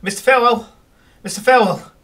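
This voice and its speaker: A man's voice: high-pitched, fairly quick, a bit bright, far from the mic, a little hiss or hum, voice pushed up. A man voicing a panicked young male messenger who stammers and pleads urgently.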